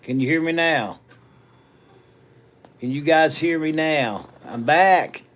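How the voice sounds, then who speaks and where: A man's voice: fairly high pitch, takes it slowly, fairly bright tone. A middle-aged man with a Southern US accent, chatting casually and rambling in folksy country talk as he reads viewer comments on a phone livestream from a hospital treatment room. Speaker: livestream host and auctioneer.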